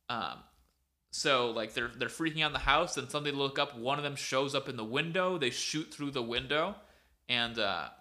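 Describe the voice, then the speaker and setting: Mid-range and sharp in tone, a man's voice carries a rambling, casual retelling of a story on a video call. He's a podcast co-host, and his speech is thick with "like" and "um."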